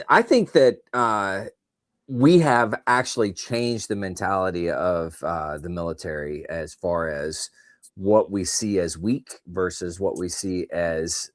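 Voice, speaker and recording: Deep-voiced retired Marine chatting casually. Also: male voice, expressive, unhurried, no room sound, studio quality. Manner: conversational, filler-heavy, reads audience comments aloud. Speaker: podcast co-host, retired Marine. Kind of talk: casual chat.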